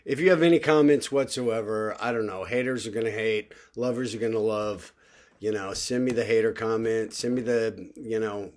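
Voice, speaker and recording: A man's voice: lowish voice, moderate pace, darkish tone. An older man talking in a casual, rambling vlog monologue, full of fillers and asides. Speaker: vlogger.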